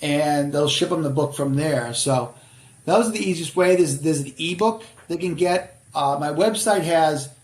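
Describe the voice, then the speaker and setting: A middle-aged man with a Boston accent speaks bluntly and tells his stories with animation, his voice sitting fairly high for a man. The sound carries a roomy echo around him. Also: normal speed, a little mellow. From Boston area, USA. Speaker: guest author. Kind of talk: casual podcast interview.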